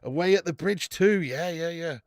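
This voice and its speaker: A man in his twenties calls a football match live for his fan channel, loud and excitable, swearing freely and bantering with chat. His voice sits high and has a gravelly edge. It is recorded close and dry. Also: moderate pace, dry recording. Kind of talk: live football watch-along commentary.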